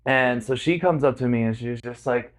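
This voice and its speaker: A man's voice: mid-range voice, normal speed. A man hosting a podcast, telling a story in casual chat and acting out the quotes as he laughs. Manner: animated, acts out quotes, laughs often. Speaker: podcast host.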